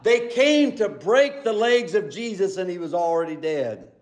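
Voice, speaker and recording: Man, pastor, sermon, very high voice, echoey church room, loud-to-hushed swings, calls for amens. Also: lively intonation, moderate pace. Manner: preaching with sudden swings between loud and hushed; calls out for "Amen?" from the congregation.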